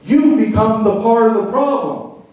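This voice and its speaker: A middle-aged man, a retired border agent, giving a fervent speech to a club, swinging from loud to quiet. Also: high voice, expressive, moderate pace, highs cut off. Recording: very echoey room, speaker far from mic.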